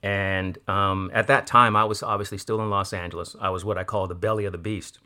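Excitable sports host guy, bright lively voice, acts out what people said. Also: on the low side, fairly quick. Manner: excitable, acts out quoted dialogue. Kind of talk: casual conversation, storytelling.

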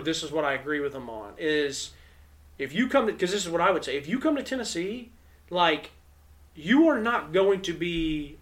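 A man's voice: fairly high pitch, a bit bright. A man hosting a casual sports chat, rambling and filler-heavy as he talks. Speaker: podcast host.

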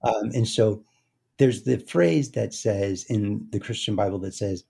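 A man speaking as an interview guest in a slow, meditative way, often trailing into soft, quiet chanting. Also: fairly low pitch, creaky, husky. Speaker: guest, speaker and success coach. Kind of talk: casual interview talk.

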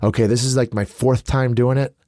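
A man's voice: mid-range voice, fairly even intonation, a little fast, dark tone, no echo, clean studio sound. A man from the American Midwest co-hosting a podcast, telling rambling stories in casual chat, with lots of restarts and asides. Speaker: podcast co-host. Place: lives in Los Angeles.

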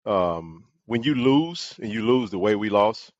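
Low-voiced man, muffled casual podcast talk. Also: lively intonation, dry recording. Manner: repetitive, drawn-out, lots of "man".

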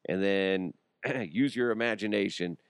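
A young adult man hosts a podcast, riffing and joking through a casual comedic monologue, laughing often and putting on voices. His voice is on the low side and clean in tone, at a measured pace. The studio-quality recording has no room sound.

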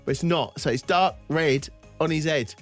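A man's voice: fairly high pitch, moderate pace, soft background music. A man co-hosting a breakfast radio show in a studio, jokey and teasing with bursts of laughter. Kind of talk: playful radio banter. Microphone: studio microphone.

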